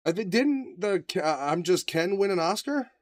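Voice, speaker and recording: A man co-hosting a podcast, chatting casually, profane and animated, often acting out voices. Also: sits high, moderate pace, dry recording, clean studio sound. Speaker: podcast co-host. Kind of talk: casual banter.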